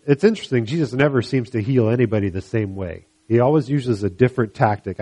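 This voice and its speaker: A man delivering a sermon in a storytelling manner. His voice sits at an ordinary middle pitch, and he slips into the voices of the characters as he retells the passage for his listeners. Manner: animated storytelling, acting out voices of the people he describes. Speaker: pastor.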